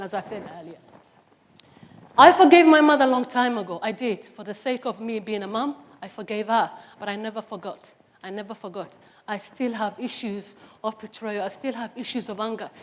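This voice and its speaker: A woman in her forties with a Somali accent, giving an earnest, emphatic personal testimony on stage with humorous asides. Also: a little high. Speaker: speaker. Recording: long hall reverb on stage.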